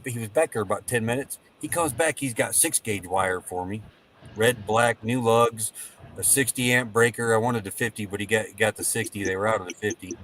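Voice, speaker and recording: A man's voice: mid-range voice, fairly bright tone, a little hiss or hum. Folksy man telling a shop story. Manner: folksy storyteller, acts out dialogue. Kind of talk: casual chat.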